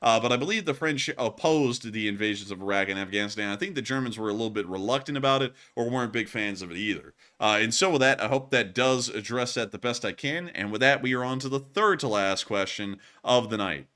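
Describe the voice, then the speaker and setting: A man's voice: mid-range voice, brisk, few pauses, pushed and bright. A man who is feeling under the weather, hosting a live stream and answering chat questions with set sign-offs. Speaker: host.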